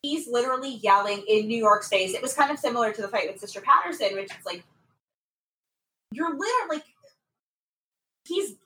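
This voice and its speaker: A woman co-hosting a podcast, recapping a reality show in casual, profane, animated chat full of "like"s. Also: a little high, brisk, long pauses, a little hiss or hum, low-quality recording. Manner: animated, profane storytelling with many "like"s.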